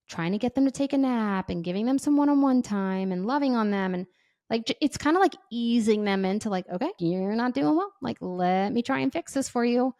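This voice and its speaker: Woman, thirties, podcast host, chatty, says like a lot, acts out dialogue, mid pitch. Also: darkish tone. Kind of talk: casual advice podcast.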